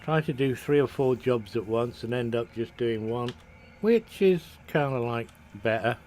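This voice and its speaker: An unhurried Scottish man chatting his way through a live gameplay stream. He jokes at his own slip-ups, laughs easily and greets viewers as they arrive. His voice sits at an ordinary, middling pitch. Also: a little mellow, slight background noise, poor audio. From Scotland. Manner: chatty, jokey, laughs at himself, hums along. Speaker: game streamer.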